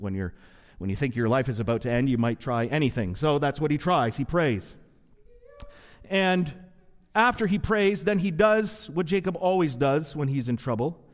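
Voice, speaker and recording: A man preaching a sermon, retelling a story in a lively way with acted-out quotes and wry asides. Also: medium pitch. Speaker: pastor. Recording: long hall reverb.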